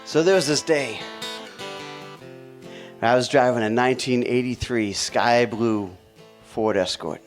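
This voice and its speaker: A musician spins a relaxed, wry anecdote. His pitch sits in an ordinary middle range. A faint trace of music hangs in the background. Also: measured pace, pauses often. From Boston area. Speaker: musician guest. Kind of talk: casual storytelling.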